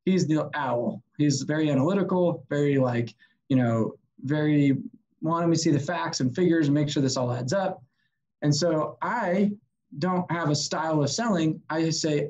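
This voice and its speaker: Man, sales consultant, casual storytelling, lively, slightly dull lo-fi sound. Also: a little high, moderate pace. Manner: energetic, animated, acts out quotes.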